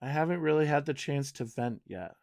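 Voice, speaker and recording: A man reading the lines of a heartbroken young woman friend in a game, quiet and subdued. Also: on the high side, lively intonation, brisk, background noise, close to an everyday voice. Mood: sad.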